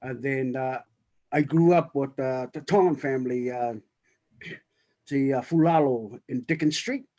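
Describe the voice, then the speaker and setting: A man's voice: medium pitch, warm tone. A man telling a rambling story on a video call, full of fillers and restarts. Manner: halting, many restarts and fillers. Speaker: writer-director on a cast panel.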